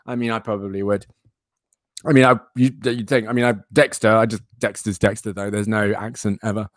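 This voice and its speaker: A man's voice: on the low side, flat delivery, a little fast, no echo. A young man hosting a live stream, chatting in a playful, rambling, self-mocking way. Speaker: livestream host. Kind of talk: casual live-stream chat.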